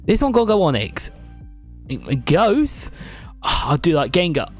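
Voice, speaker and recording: Lively British streamer with a high voice. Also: male voice, moderate pace, faint music behind. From Britain. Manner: chatty, jokey, reads and answers chat. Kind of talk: live tier-list chat with viewers.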